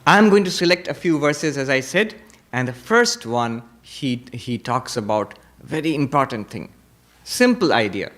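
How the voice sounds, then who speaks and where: A monk teaching Vedanta in a spiritual lecture, telling stories, reciting Sanskrit verses and repeating key points for emphasis. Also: male voice, medium pitch, expressive, normal speed, fairly bright tone. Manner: emphatic repetition.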